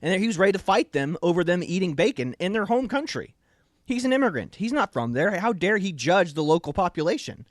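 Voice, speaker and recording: Male host, somewhat high voice, dry close sound, pushy and indignant opinion commentary. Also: sing-song, a little fast, no room sound. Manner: emphatic, indignant. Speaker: show host. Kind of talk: opinion talk show commentary.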